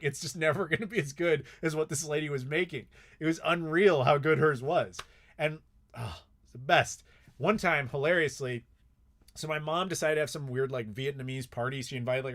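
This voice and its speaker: A man's voice: on the high side, brisk. Profane, blunt man chatting live. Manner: profane, blunt, animated storytelling. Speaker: host answering live chat questions. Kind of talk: casual live Q&A chat.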